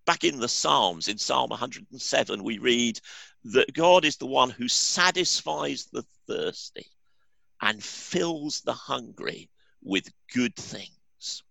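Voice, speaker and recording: A man's voice: mid-range voice, expressive, slow, creaky, bright, forceful tone, no room sound. A male pastor preaching a sermon in an earnest, emphatic way.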